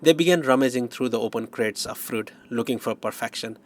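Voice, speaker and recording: A man narrating an audiobook in first person, wry and measured. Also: medium pitch.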